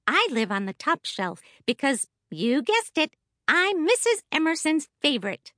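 Bright-voiced woman narrating a children's audiobook. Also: high-pitched, sing-song, a little slow, dry recording, clean studio sound. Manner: cheerful, chatty first-person narration. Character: a stuffed toy telling the story, the teacher's favorite.

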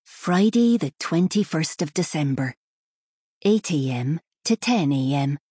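Low husky woman narrating a novel. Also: expressive, mellow, no room sound, studio quality. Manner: measured storytelling. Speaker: audiobook narrator. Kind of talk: scripted narration.

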